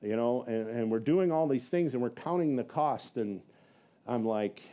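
A male pastor preaching a sermon as a rambling personal story, acting out what people said with big swings in his voice and laughing at himself. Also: moderate pace. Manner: animated, acts out quotes with big pitch jumps; rambling with many fillers and self-laughs.

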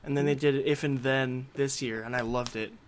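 Young guy on a home podcast, hesitant, trails off soft, bit of hiss behind. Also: mid-range voice, fairly even intonation, moderate pace. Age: young adult. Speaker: podcast co-host. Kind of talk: casual chat.

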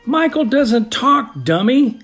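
A man's voice: extremely high pitch, wildly swooping pitch, slow, a little mellow, soft background music, pitched above the performer's own voice, exaggerated voice. A man voicing an unimpressed, matter-of-fact young boy in a storybook tale. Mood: dry.

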